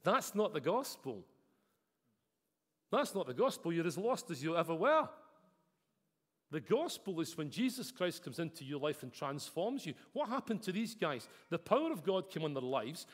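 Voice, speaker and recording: Male preacher, fairly high voice, earnest, long reverb of a church hall. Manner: earnest, swings between loud emphasis and soft intensity. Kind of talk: sermon.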